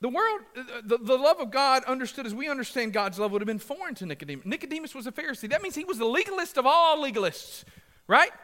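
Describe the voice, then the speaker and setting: A pastor delivers a passionate sermon in a high, bright, forceful voice. He leans on repetition for emphasis and jokes with the congregation between points. His voice rings out through a reverberant church sanctuary. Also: sing-song, fast.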